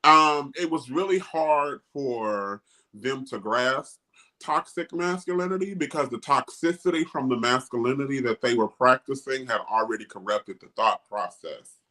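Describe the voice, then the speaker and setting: Middle-aged guy hosting a chat show, bright forceful voice, really animated. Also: medium pitch, normal speed. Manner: animated, emphatic, quotes others in mocking voices. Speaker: host. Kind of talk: casual discussion.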